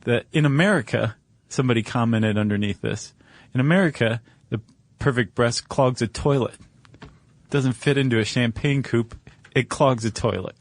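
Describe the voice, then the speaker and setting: A man's voice: medium pitch, moderate pace, no room sound. A man co-hosting a podcast in casual chat, with a jokey, rambling manner, recorded dry in a studio. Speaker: podcast co-host.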